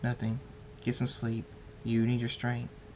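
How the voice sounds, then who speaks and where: A man's voice: medium pitch, monotone, unhurried, pushed and bright, a little hiss or hum. A man voicing a fierce, protective male pony father who talks in an intense, grim way. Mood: tender. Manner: intense and grim, bursts into screams.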